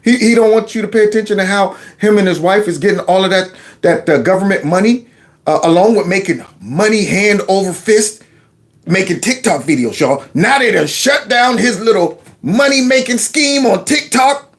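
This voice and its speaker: A man's voice: sits high, lively intonation, moderate pace. Sarcastic man mocking a video clip. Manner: sarcastic, mocking, talks to viewers as y'all. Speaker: commentator reacting to a video clip. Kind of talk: casual mocking commentary.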